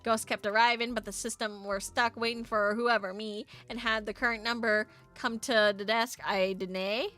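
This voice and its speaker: A woman's voice: fairly high pitch, fairly even intonation, normal speed, hardly any pauses, bright, forceful tone, soft background music. A woman voicing a bumbling middle-aged male builder. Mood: rambling. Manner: rambling, flustered dialect storytelling. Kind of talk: voicing game dialogue for stream.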